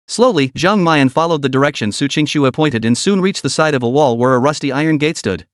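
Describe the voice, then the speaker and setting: A man giving a steady scripted narration of a comic story. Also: fairly high pitch, fast talker, few pauses, no room sound, clean studio sound.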